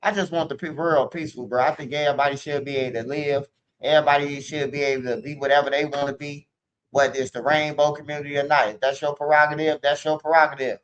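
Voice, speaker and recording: A man's voice: fairly high pitch, flat delivery, quick pace, a bit bright. Man ranting in profane street talk. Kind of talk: casual monologue to camera. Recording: dull lo-fi sound.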